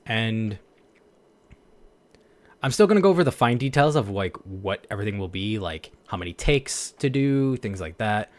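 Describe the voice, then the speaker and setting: A man's voice: lowish voice, expressive, normal speed. A young man voice actor chatting casually with viewers, rambling with lots of "like" and laughing at himself. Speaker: voice actor streamer. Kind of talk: casual chat.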